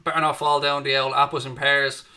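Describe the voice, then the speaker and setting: This is a brisk, sharp-toned man from Ireland with a medium pitch that barely moves. He hosts a live watchalong for fans, chatting away, welcoming viewers, going through their chat and calling the play, rising in energy at big moments.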